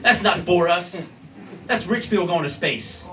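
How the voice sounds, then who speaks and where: A young man doing stand-up on a comedy club stage, loud and animated, swearing often and jumping into high excited yelps. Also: a little slow, recorded from a distance, noisy background. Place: comedy club stage before a laughing crowd. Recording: roomy club sound with a roaring crowd.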